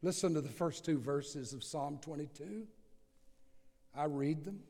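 Pastor, male, slightly high voice, slow deliberate sermon delivery, long hall echo. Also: mellow. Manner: slow, earnest preaching with dramatic swings in volume.

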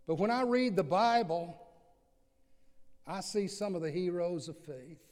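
Pastor, male, slightly high voice, slow deliberate sermon delivery, long hall echo. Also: lively intonation, darkish tone. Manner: slow, earnest preaching with dramatic swings in volume.

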